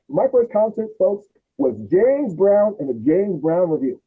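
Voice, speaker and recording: An older man tells a long, animated story on a podcast, with a high voice that swings widely as he acts out relatives. His tone is husky, and the sound is thin and tinny, like a phone line. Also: brisk. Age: 60s. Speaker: podcast host. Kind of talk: storytelling in casual chat.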